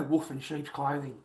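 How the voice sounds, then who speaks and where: A man's voice: a little high, gravelly, a little mellow, a little hiss or hum. A middle-aged man ranting crudely on a livestream, rambling, swearing and laughing. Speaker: livestream host. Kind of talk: ranting casual livestream chat.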